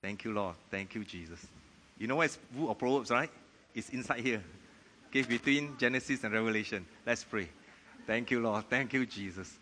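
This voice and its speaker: A man preaching a sermon in a church hall, firing off rhetorical questions and swelling louder on key points. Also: mid-range voice, a little fast, slight background noise. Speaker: pastor. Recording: long hall reverb.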